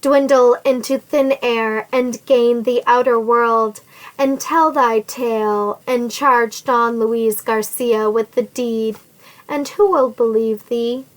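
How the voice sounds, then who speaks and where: A woman's voice: fairly high pitch, low-quality recording. A woman reading the part of a scheming, vengeful nobleman who threatens a captive woman in sneering, old-fashioned formal speech.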